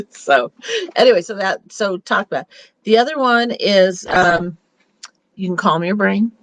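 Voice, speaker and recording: A woman's voice: fairly low pitch, dry recording. A woman beauty consultant talks to her group in a loose, chatty way. She sounds upbeat and often circles back mid-sentence to restart her point. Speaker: beauty consultant leading a meeting. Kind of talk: casual motivational talk.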